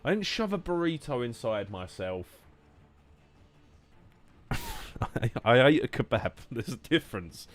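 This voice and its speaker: A young man streaming a game, rambling and joking casually while answering chat in a flat, monotone way. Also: normal speed, hardly any pauses, soft background music. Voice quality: low monotone voice. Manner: rambling, jokey, reacting to chat.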